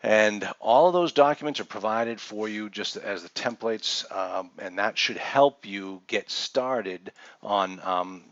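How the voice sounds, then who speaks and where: A man's voice: lowish voice, takes it slowly, dry recording, highs cut off. A man instructor presenting a seminar, telling a story and acting out the people in it. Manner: animated storytelling with quoted dialogue. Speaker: real estate investing instructor.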